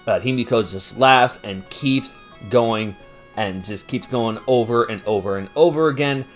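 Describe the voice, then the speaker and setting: A man's voice: mid-range voice, a little slow, faint music behind. Chatty casual man recapping an anime. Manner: loose and chatty, frequent "uh" fillers, laughs and swears; gets animated and opinionated. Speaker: podcast host recapping an anime.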